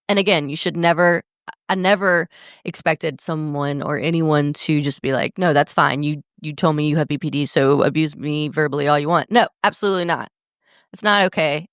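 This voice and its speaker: A woman's voice: lowish voice, gravelly, no echo, clean studio sound. A young woman hosting a podcast, talking in a candid, blunt way and swearing freely in a casual monologue. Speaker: podcast host.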